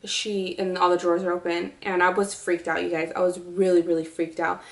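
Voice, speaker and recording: A woman's voice: on the low side, flat delivery, fairly quick, reverberant. A woman vlogger telling a story in a casual, rambling way, full of fillers.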